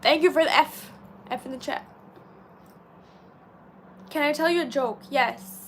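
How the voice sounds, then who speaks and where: A high-pitched woman chatters her way through a casual live stream. She is bubbly and friendly, and her words tumble out fast as she answers viewer comments. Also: slight background noise. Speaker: livestream host.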